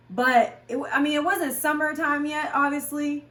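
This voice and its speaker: A candid woman in a relaxed vlog chat, talking openly with plenty of ums and likes. Her voice sits at an ordinary pitch and comes from a little way off the mic. The room around her adds a noticeable echo. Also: moderate pace. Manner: frank and chatty, with many fillers. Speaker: fitness vlogger and class instructor. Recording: roomy sound, voice from a distance.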